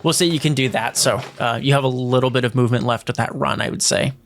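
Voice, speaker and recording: A man narrating as game master in a tabletop game, relaxed and hesitant, with many fillers as he works out the rules. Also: medium pitch, quick pace, a little hiss or hum. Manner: relaxed, hesitant, lots of fillers while ruling.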